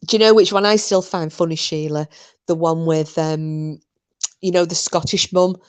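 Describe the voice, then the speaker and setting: Low-voiced woman streamer chatting with her viewers, blunt, swears a lot. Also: fairly even intonation, moderate pace, darkish tone, clean tone. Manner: blunt, straight-talking, swears freely. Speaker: livestream host chatting with viewers. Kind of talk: casual chat.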